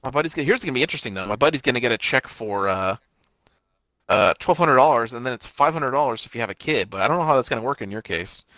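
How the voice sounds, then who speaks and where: Young man, bright animated voice, casual teasing chat, dry close sound. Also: mid-range voice, fast, no room sound. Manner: teasing, calls his friend buddy.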